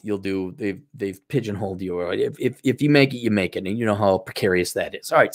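A man giving casual, blunt advice in a rambling way, often stopping and restarting his sentences. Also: fairly low pitch.

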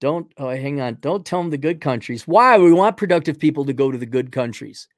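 A man's voice: a little high, animated, brisk, no room sound, clean studio sound. A man hosting a livestream, giving blunt, rambling, sarcastic opinions in casual talk. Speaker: livestream host.

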